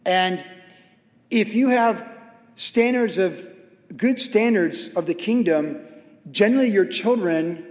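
A middle-aged man preaches casually, weaving in funny family anecdotes. His voice sits high, and a long hall reverb trails behind each phrase in the church hall. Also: darkish tone. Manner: conversational, anecdotal and humorous. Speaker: pastor. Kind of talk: sermon.

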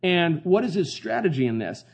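A man's voice: on the high side, big pitch swings, moderate pace, vocal fry. A man preaching a casual sermon in a conversational, slangy way, often asking the congregation questions. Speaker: pastor.

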